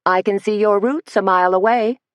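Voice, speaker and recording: A woman's voice: mid-range voice, fairly even intonation, brisk, dry recording, voice pushed up, close to an everyday voice. Theatrical gossipy guy stylist played by a woman narrator, dry close sound. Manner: theatrical, shrieking. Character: gossipy, flamboyant male hair stylist.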